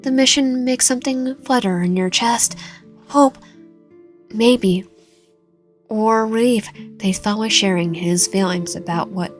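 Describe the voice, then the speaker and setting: A woman's voice: medium pitch, measured pace, pauses often, faint music behind. A woman reading a romance visual novel aloud, with frequent slips and self-corrections. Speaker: gaming channel host.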